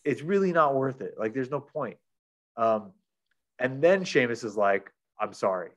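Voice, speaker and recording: A man's voice: mid-range voice, lively intonation, a little slow. A man retelling a book plot in casual chat as a podcast reviewer, rambling with lots of fillers.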